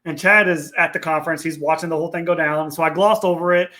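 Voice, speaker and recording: A man's voice: on the high side, steady tone, fast talker, pushed and bright. Earnest man telling a painful story. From Ohio, USA. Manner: earnest, candid, swears casually. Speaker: podcast guest, veteran. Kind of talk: emotional personal storytelling.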